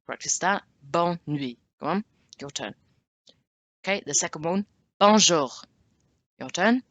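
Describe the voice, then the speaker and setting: A woman teaching a language lesson, switching between French and English and slowly repeating words for pronunciation drills. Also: lowish voice, animated, a bit bright, slightly rough, dry recording.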